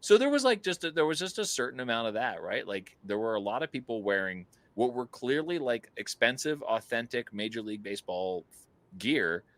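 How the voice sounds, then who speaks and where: A man co-hosting a podcast, telling a travel story in a casual, animated way, full of fillers and laughs. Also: mid-range voice, a little fast, dry recording. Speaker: podcast co-host.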